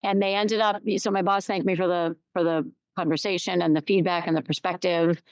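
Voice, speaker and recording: Speaking briskly in a lowish voice with fairly even intonation, a middle-aged podcast host shares a personal story on her reflective solo show. She's candid, restarts herself, and repeats points for emphasis. There's no room sound.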